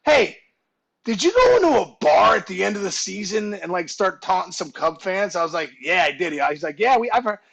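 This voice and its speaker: A man telling a story over a video call, animated and throwing himself into every voice and shout. His voice sits high, with a gravelly edge running through it. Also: brisk, few pauses, rough recording. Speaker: guest storyteller, former ballplayer. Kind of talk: casual storytelling chat.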